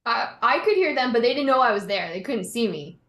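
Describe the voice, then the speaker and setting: A woman playing a tabletop game explains things calmly in a high voice. The room around her carries a noticeable echo. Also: a little fast, a little hiss or hum. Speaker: player. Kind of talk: casual tabletop role-play. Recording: roomy echo.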